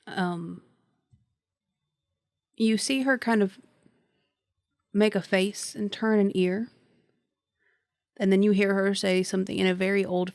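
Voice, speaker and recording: A woman game master narrates a tabletop horror scene with a gravelly, creaky texture. She describes each detail slowly, often pausing on filler ums. The sound is dry and close. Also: medium pitch, steady tone, a little mellow, no echo.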